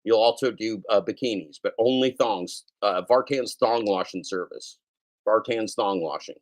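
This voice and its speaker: A middle-aged man hosting a podcast speaks in a lowish voice at normal speed, mocking the news with crude, profane humor. Doing daily shows has made his throat scratchy and his voice tired.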